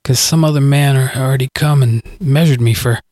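A man's voice: mid-range voice, brisk, no room sound, natural voice. Condemned prisoner in a storybook, a worn-out man pleading in confusion, read by a man, in a dry room. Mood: confused. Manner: bewildered, pleading, breaking into shouts.

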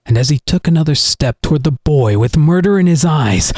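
A man reading a horror story aloud in an expressive, dramatic narrating style. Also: fairly high pitch, a little fast, few pauses, no room sound, clean studio sound. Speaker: audiobook narrator.

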